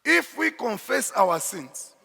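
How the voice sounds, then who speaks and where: A man's voice: very high-pitched, very animated, takes it slowly, vocal fry, bright, forceful tone. A man preaching a sermon as pastor, emphatic and declaiming, in an echoey church. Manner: emphatic preaching, shifts into Swahili asides.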